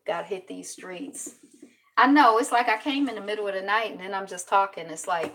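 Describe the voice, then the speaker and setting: A woman's voice: mid-range voice, a little fast, fairly bright tone, far from the mic. A woman vlogger chatting casually through news items, rambling and thinking aloud.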